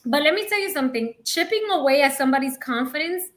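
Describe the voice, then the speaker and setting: A woman's voice: high voice, animated, fast talker, fairly bright tone. A woman co-hosting a podcast, speaking frankly and emphatically in casual chat, often laughing. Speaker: podcast co-host.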